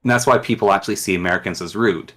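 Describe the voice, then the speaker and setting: A man with a Northwestern Canadian accent talks in a low, plain voice. He rambles through a casual interview, full of ums and restarts. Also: rapid-fire, a bit bright. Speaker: guest.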